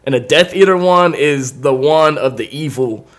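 A young man tells a wild story with an easy, laughing delivery and a voice that sits a bit high for a man. He keeps breaking into laughter and acts out quick voices for the people in his tale. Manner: animated, laughing often, acts out quoted voices. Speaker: podcast host. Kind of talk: casual comedic storytelling.

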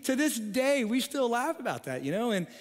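Middle-aged pastor, high tenor-ish male voice, comic storyteller in a sermon, reverberant hall. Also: sing-song, moderate pace. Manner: humorous storytelling with frequent "okay?" asides.

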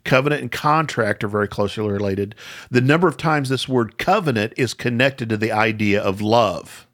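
A man hosting a podcast, teaching the Bible in a conversational way, thinking aloud with restarts and slowing down to stress key points. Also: on the low side, fairly bright tone. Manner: thoughtful, with frequent restarts and slow emphasis.

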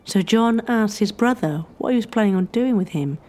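A woman narrating a historical story in a measured, scripted storytelling style. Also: mid-range voice, animated, a little mellow.

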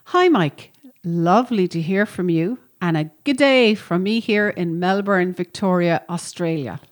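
A woman's voice: lowish voice, unhurried, natural voice. A woman reading out a listener's friendly letter. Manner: plain friendly letter reading, no real accent put on.

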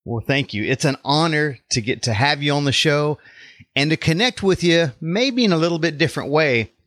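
A man's voice: a little high, animated, moderate pace, a bit bright, dry recording, studio quality. A man with a Texas accent hosting a faith podcast interview, upbeat and welcoming. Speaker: podcast host and life coach.

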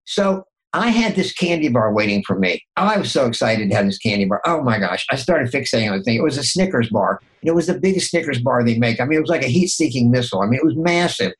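An older man with a mid-range voice speaks as a podcast guest, telling motivational stories. He shifts his pitch sharply as he acts out his own inner dialogue. He often stumbles, restarts and repeats words. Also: lively intonation, fast, hardly any pauses, rough recording. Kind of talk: motivational storytelling.

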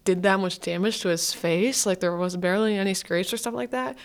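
A woman's voice: medium pitch, a little fast. A woman student hosting a podcast, chatting casually and gushing as a fan, with lots of "like" and restarts. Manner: chatty, gushing, heavy use of "like". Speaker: podcast host.

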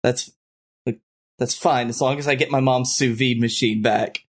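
A man's voice: mid-range voice, steady tone, normal speed. A man playing a tabletop game in a casual, joking way, cursing freely. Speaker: player.

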